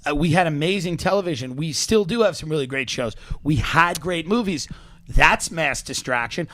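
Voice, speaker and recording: A man's voice: fairly high pitch, animated, moderate pace, sharp tone, no room sound. A man hosting a podcast, chatting casually outdoors by a lake with sardonic, ranting humor. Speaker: podcast host. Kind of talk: casual comedic chat.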